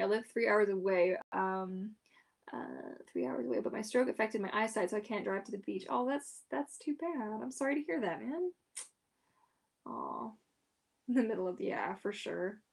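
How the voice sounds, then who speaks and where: A woman hosting a casual live Q&A as a mermaid performer, chatty and giggly, with lots of "like" and "um". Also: medium pitch. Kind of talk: casual livestream Q&A.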